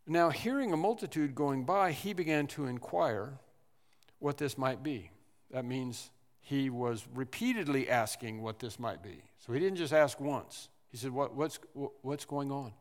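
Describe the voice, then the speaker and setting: A man preaching a sermon, animated, repeating phrases and acting out the people in the story. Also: medium pitch, a little slow. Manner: animated preaching with repetitions and acted-out quotes. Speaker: pastor. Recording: long hall reverb.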